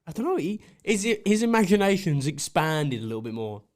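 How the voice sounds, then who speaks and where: Giggly man, lively voice. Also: on the high side, fairly quick. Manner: giggly, rambling storyteller. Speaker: podcast co-host. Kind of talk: casual chat.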